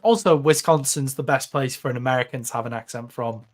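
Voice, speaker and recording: A man's voice: mid-range voice, quick pace. Young British man, easygoing. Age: young adult. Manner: easygoing, laughs often. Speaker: podcast co-host. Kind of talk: casual sports-betting chat.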